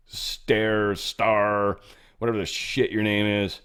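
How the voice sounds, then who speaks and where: A man's voice: fairly low pitch, flat delivery, takes it slowly, fairly bright tone, clear, resonant tone. A man hosting a show, reading news headlines and adding sarcastic, mocking commentary in a loose, casual way. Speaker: show host.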